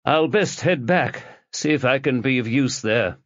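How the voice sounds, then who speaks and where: A man's voice: mid-range voice, expressive, measured pace, no room sound, pitched above the performer's own voice, lightly acted. A man voicing an awkward, fidgety male friend who speaks hesitantly and apologetically, in a dull lo-fi recording.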